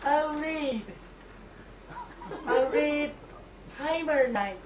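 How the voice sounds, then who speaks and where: A woman's voice: high voice, extremely slow, a crowd in the background. A woman playing a fussy, insistent lady patient in an amateur stage comedy, giggly in manner. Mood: flustered. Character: flustered female patient with an odd name, pushy. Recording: echoey hall, far mic, audience noise.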